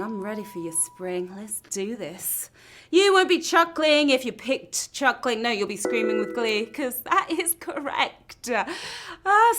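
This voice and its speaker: A woman hosting a live trivia game show, playful and full of puns, with show music behind her. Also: a little high. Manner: playful, punny and upbeat. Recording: phone recording of a stream with music behind.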